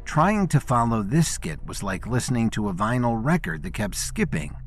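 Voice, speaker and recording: A man narrating a story in scripted, expressive storytelling. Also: medium pitch, moderate pace, soft background music.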